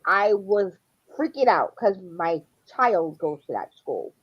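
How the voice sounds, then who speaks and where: A woman chatting casually on a live stream, telling animated stories, acting out quotes and laughing often. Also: on the low side, slow pace, breathy edge, no room sound, highs cut off. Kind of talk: casual chat.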